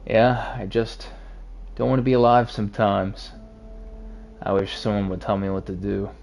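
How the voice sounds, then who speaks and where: A man reading the part of a weary, self-doubting animal detective as a quiet, brooding inner monologue. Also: fairly low pitch, little pitch movement, moderate pace, creaky, slight background noise. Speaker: game voice-over reader. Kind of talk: reading a story game aloud.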